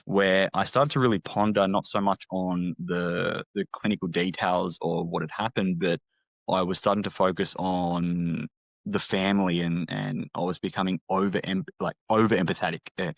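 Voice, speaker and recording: A man with an Australian accent, a former medic speaking candidly in an interview, halting and reflective with frequent restarts. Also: low voice, level tone, gravelly, no room sound. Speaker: guest, former army medic.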